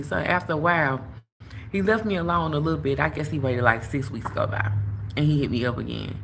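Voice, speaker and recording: Low-voiced woman telling a story to viewers. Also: a little fast, slight background noise. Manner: animated, talks straight to viewers, lots of "like" and "you know". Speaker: tarot reader and livestream host. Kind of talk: casual storytime on a livestream. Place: outdoors at work, phone livestream.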